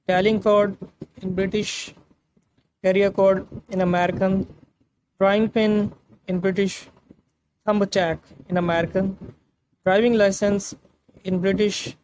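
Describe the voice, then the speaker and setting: A man teaching a vocabulary lesson, reading word pairs in a slow, list-like way with pauses. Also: sits high, a little mellow, a little hiss or hum, rough recording. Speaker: English teacher.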